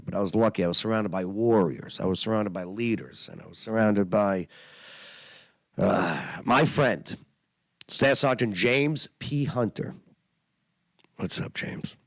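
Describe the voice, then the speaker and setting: A man's voice: lowish voice, no room sound, clean studio sound. Earnest middle-aged man. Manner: earnest, emphatic storytelling with many fillers. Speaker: Army veteran vlogger. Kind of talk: prayer and personal war story.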